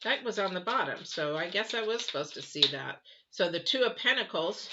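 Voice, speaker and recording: A woman's voice: medium pitch, lively intonation, fairly quick, lo-fi sound, background noise. A woman giving a live tarot reading in a chatty, rambling way, full of fillers and restarts. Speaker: tarot reader.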